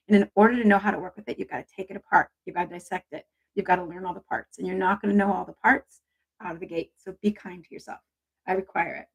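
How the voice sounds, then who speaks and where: A woman hosting a casual livestream, talking affectionately and chattily to her viewers about intuition. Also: mid-range voice. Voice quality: gravelly, husky. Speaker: intuitive reader and livestream host.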